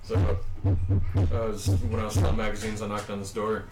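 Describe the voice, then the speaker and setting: A man's voice: fairly low pitch, moderate pace, far from the mic, over loud music. Profane, rambling man telling stories. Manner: profane, rambling, animated storyteller. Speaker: podcast co-host. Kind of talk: casual storytelling chat. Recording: echoey room, off-mic, faint ambience.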